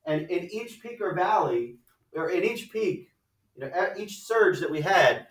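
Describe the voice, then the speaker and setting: A high-pitched, expressive man lectures his math class without hurrying, breaking ideas into steps and often adding "right?" as a rhetorical check. The recording is echoey and taken from far off the mic.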